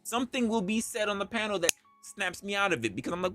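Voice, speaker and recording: A man's voice: high voice, expressive, fast, bright, forceful tone, faint music behind. A man hosting a livestream, talking bluntly and casually with plenty of profanity. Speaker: livestream host.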